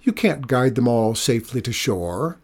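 A man voicing a weary, proud old woman who feeds stray cats, sharp and taunting in her speech. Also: mid-range voice, expressive, measured pace. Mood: scornful.

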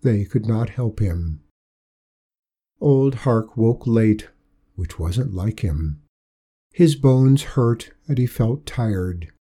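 A male storyteller reads a folk tale slowly and with care. His voice is husky and mellow, with a calm, measured delivery. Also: lowish voice. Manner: slow and measured, gentle. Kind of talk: storybook narration.

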